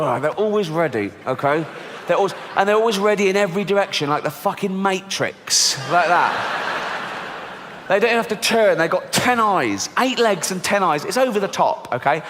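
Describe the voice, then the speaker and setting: A middle-aged man with an English accent delivers a stand-up comedy set in a blunt, sweary way. His voice sits a little high for a man. It carries a long theatre reverb over a faint hiss. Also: normal speed. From England. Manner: animated storytelling with squeaky high voices for children. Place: large theatre stage before an audience. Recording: live theatre recording with long hall reverb.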